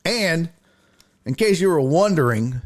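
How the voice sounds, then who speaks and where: Sports stream guy ranting, swears a lot, voice swinging all over, slow drawn-out delivery. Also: on the high side, expressive. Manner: blunt, profane, opinionated. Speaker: sports talk show host. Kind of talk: casual sports rant, live stream.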